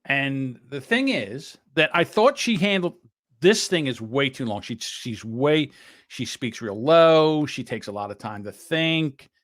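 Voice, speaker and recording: A man's voice: mid-range voice, animated, measured pace, a bit bright. A man hosting a podcast, giving blunt, rambling commentary in casual chat. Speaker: podcast host.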